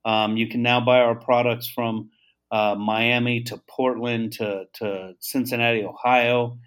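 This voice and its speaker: A man of middling pitch tells a long story as an interview guest. He talks about founding his seasoning brand. He acts out the voices of the people in it and often repeats or restarts words. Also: measured pace, clear, resonant tone. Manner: animated storyteller acting out dialogue.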